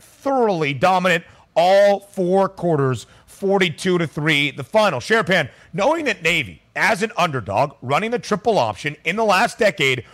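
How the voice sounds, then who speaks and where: A man's voice: a little high, fairly bright tone. A man hosting a sports betting radio talk show, emphatic and jokey.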